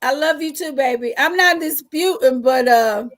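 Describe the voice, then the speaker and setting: A woman co-hosts a live chat. Her voice sits high as she teases her friend and reads out comments from viewers. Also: moderate pace. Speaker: co-host. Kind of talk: casual chat.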